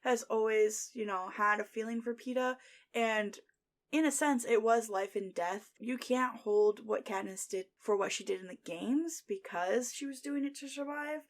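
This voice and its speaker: A woman's voice: on the high side, moderate pace. A young adult woman hosting a book podcast, chatting casually, laughing often and reading quotes aloud. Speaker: podcast host.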